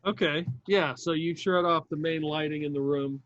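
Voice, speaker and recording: A man's voice: a little high, steady tone, moderate pace, fairly bright tone, dry recording, highs cut off. Male game master, casual swearing delivery, dry close mic. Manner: casual, swears, lots of fillers. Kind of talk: narrating a tabletop game.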